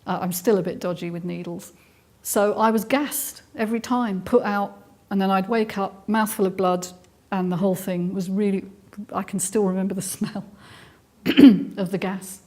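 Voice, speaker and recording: A woman's voice: medium pitch, steady tone, normal speed, warm tone. A middle-aged woman with an English accent giving a live talk to an audience, earnest and explanatory, with frequent ums and restarts. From England. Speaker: speaker giving a talk on trauma.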